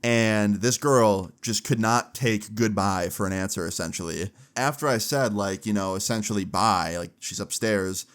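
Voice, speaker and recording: A man's voice: on the low side, moderate pace, hardly any pauses, a bit bright. A young man vlogger casually telling a story time in a slangy, swearing way.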